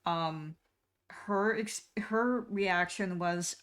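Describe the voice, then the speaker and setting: A woman's voice: fairly low pitch, fairly even intonation, a little slow, long pauses, fairly bright tone. A young woman streamer chatting casually while she draws, rambling with lots of fillers and restarts. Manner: rambling, many fillers and restarts, laughs often.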